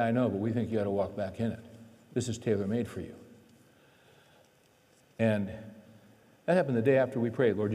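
A man's voice: lowish voice, warm tone. A man preaching a sermon in a chatty, folksy storytelling way, acting out the dialogue in his stories. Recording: long reverb of a large hall.

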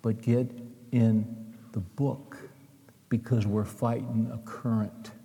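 A man's voice: medium pitch, little pitch movement, slow pace, warm tone. Man preaching in a reverberant hall. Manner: storytelling with acted-out dialogue, earnest. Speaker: pastor. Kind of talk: sermon.

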